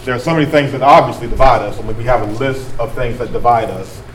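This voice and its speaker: A man from rural North Carolina, with a medium-pitched voice and a quick pace, leads a group workshop discussion with an audience in a meeting room. He talks conversationally and often reflects back what people say. Recorded from a distance, the echoey room has a faint background hiss.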